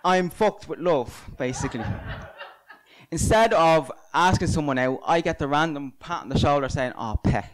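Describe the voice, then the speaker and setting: A man's voice: fairly high pitch, moderate pace, a little hiss or hum, rough recording. A young Irish man doing a stand-up comedy set, crude and self-mocking, stumbling through asides on stage. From Ireland.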